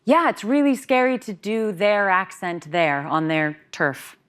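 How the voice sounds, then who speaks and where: A woman chatting as a guest on a late-night talk show in a TV studio. She sounds self-conscious and giggly yet talkative, at an ordinary middle pitch. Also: measured pace, clear, resonant tone. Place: TV studio with audience.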